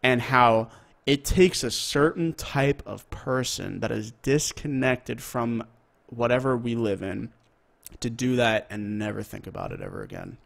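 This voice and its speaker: A man's voice: mid-range voice, expressive, measured pace, creaky. A man with a mid-range voice recounts a story in casual podcast talk. He is vivid and worked up, and he swears freely as he narrates. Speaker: podcast co-host. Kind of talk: casual chat.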